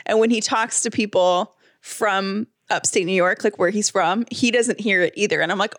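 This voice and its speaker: A woman's voice: mid-range voice, normal speed, few pauses, a bit bright, no echo, studio quality. Bubbly Southern woman on a podcast. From Georgia. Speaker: podcast co-host. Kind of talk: casual podcast chat.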